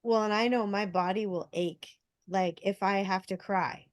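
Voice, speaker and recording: A woman's voice: mid-range voice, fairly even intonation, moderate pace, no echo. Woman, casual participant, chatty and candid, dry close sound. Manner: chatty and candid, with many likes and acted-out quotes. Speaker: discussion participant. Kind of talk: casual chat.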